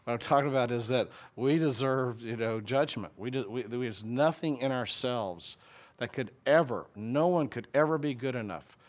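Speaking at medium pitch, a middle-aged Southern American pastor preaches in a relaxed, homespun style, stopping to ask his congregation questions.

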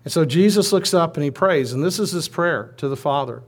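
A man's voice: fairly high pitch, animated, fairly quick. A man preaching a sermon, retelling a story in a conversational way with asides.

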